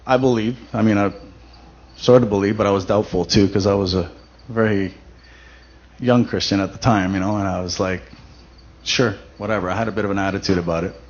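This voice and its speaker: Man, lower register, conversational church testimony with lots of restarts; dull lo-fi recording with faint noise. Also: steady tone, a little fast, a little mellow. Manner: conversational, many fillers and restarts. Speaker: testimony speaker at a church event. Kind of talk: personal testimony.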